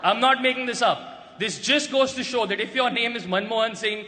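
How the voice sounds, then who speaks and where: A young man with an Indian English accent doing a brash stand-up roast on stage, shouting his punchlines. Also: very high voice, normal speed. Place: large hall with a live audience. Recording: roomy hall, crowd and noise behind.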